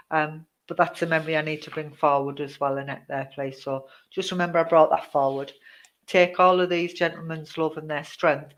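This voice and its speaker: A woman working as a psychic medium, giving a chatty live online reading. She addresses viewers by name and keeps checking in with "okay?". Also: deep voice.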